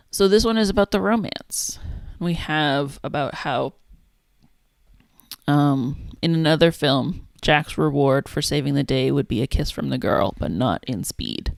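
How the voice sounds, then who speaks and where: A woman casually chatting on a livestream as she makes a zine, thinking out loud and trailing off mid-sentence. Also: sits low, creaky, no echo. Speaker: zine maker streaming her work. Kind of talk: casual livestream chat while working.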